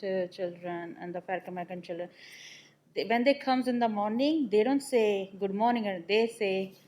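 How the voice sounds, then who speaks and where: Woman teacher talking on a panel, halting, lots of uh and um, mid voice. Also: mid-range voice, darkish tone. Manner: halting, with many fillers and restarts. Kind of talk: casual panel talk.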